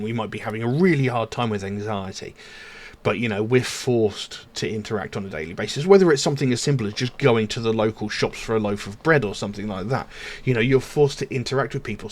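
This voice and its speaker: Male reactor, earnest rambling commentary, slightly low pitch. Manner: earnest, rambling, many fillers, quotes lyrics. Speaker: music reaction channel host. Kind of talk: casual commentary on song lyrics.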